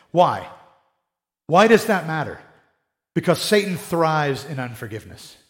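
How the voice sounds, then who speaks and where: A man preaching a sermon in a conversational way, often acting out the voices of people he quotes. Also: high voice. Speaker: pastor.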